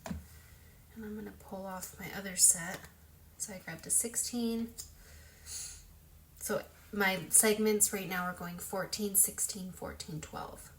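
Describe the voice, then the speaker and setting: A woman chats through her lash routine in a relaxed, rambling way, sprinkling in fillers. Her voice sits at a middle pitch and slips into soft whispers at times. Faint clicks sound behind her. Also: takes it slowly, long pauses, slight background noise. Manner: chatty, loose, full of "like" and "um". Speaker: beauty vlogger. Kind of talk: casual makeup tutorial.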